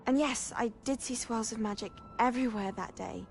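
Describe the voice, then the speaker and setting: An earnest young female student witch from a video game, speaking with quiet wonder. Her voice sits slightly high. Faint game music plays under her lines. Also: brisk, creaky.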